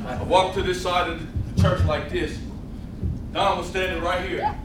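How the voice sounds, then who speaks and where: High-voiced animated preacher in echoey church. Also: male voice, normal speed. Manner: animated storyteller, acts out scenes, laughs often. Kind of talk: sermon with personal testimony. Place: church sanctuary. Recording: echoey church, mic from a distance, faint room noise.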